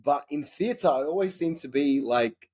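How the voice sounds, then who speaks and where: A man's voice: a little high, animated, measured pace, darkish tone, slightly rough. A man with an Australian accent, a guest actor talking casually and bluntly in a podcast interview, rambling through his stories and swearing now and then.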